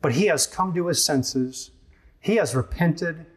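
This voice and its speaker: A man's voice: a little high, a little slow. A man preaching an expository sermon as a pastor, earnest and emphatic, repeating his key phrases for weight.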